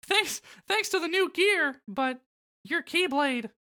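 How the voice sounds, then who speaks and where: A squeaky, very high falsetto cartoon mouse king, earnest and urgent. The voice leaps about with lively swings and a bright, sharp edge. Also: slow, full character voice. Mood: earnest warning.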